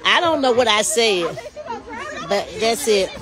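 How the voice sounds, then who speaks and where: A woman chatting casually on a phone live stream, animated and talking straight to her viewers, outdoors at night and then inside a car. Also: on the high side, unhurried, crowd noise. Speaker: livestreamer showing a car. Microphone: phone held in hand.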